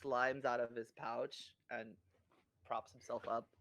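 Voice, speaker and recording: A man's voice: mid-range voice, little pitch movement, measured pace, vocal fry, a bit bright. A man playing in a tabletop role-play, rambling and describing his character's actions with many fillers. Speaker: player.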